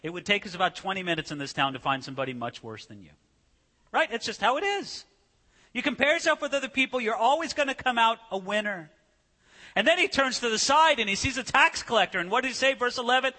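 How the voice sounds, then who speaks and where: A man's voice: very high-pitched, lively intonation, fast talker, bright, forceful tone. A man preaching a sermon in a conversational way, with rhetorical questions and acted-out scripture. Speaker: pastor. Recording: reverberant church hall.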